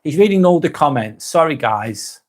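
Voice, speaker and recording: A man with a Lancashire accent, hosting a casual live vlog and reading viewers' comments aloud, then answering them in a softer, lower voice. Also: animated, normal speed. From Darwen, near Blackburn, northern England. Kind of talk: casual live-stream chat.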